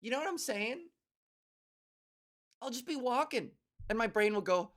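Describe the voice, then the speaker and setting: A woman's voice: a little high, sing-song, measured pace, long pauses. A woman podcast host and comedian doing a rambling, profane solo monologue. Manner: rambling, profane, self-interrupting.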